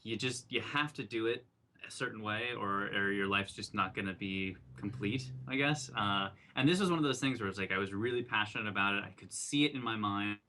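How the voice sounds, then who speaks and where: Earnest young man, low bright voice. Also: a little fast. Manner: reflective, earnest, filler-heavy storytelling. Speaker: documentary filmmaker guest. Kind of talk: casual interview.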